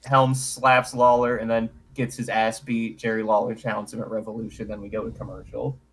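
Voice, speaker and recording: A man's voice: fairly low pitch, little pitch movement, fairly quick, fairly bright tone. A man co-hosting a casual podcast, recapping an old wrestling episode with dry sarcasm. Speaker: podcast co-host.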